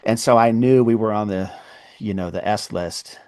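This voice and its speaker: A man appearing as a podcast guest tells a long story in casual conversation, laughing often and acting out what the people in it said. His voice is lowish and a little mellow, at a normal speed.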